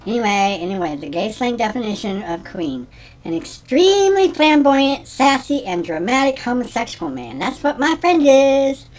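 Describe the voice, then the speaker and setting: A man hosting as a comedy character plays ditzy Janis Simpleton, a self-absorbed middle-aged teacher, in a scripted monologue. His very high voice swings widely in pitch at normal speed, giggly, scatterbrained and airily rambling.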